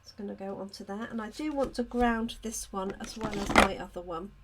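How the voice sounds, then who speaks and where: A woman's voice: medium pitch, steady tone, a little fast, a bit bright, slight background noise. A woman, hosting a live card-making demonstration, chatting with her viewers by name as she works. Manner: chatty, talks to viewers by name and answers their comments. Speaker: craft demonstrator.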